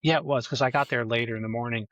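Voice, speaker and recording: Halting man on dull lo-fi audio. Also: medium pitch, fairly even intonation, fairly bright tone, dry recording. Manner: halting, many restarts and fillers. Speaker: filmmaker guest. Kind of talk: casual conversation.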